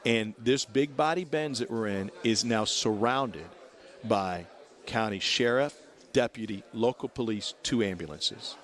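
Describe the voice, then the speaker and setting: Animated male radio storyteller. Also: lowish voice, measured pace. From Missouri. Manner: acts out the people in his story with lively voices. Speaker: guest storyteller. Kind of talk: animated anecdote on talk radio.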